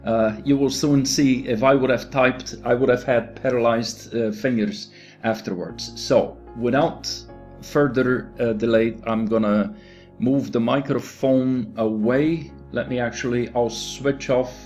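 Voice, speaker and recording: A man talks casually to his group about a program. He speaks slowly and haltingly, with plenty of fillers and restarts. Faint music plays behind him. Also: medium pitch, fairly even intonation, darkish tone. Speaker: program promoter. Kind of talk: casual recorded talk to a group.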